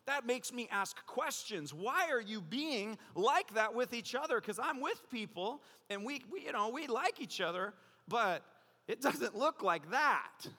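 A male pastor preaches with a high, lively voice that leaps up and down as he teases the congregation. His tone is bright, and the sermon rings out in a reverberant church hall. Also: measured pace. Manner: playful, jokey, animated preaching.

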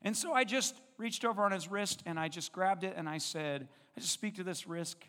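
Male pastor, slightly high voice, chatty self-mocking storyteller, long hall reverb. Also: a little fast, sharp tone. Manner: conversational, self-deprecating, acts out dialogue. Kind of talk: storytelling sermon.

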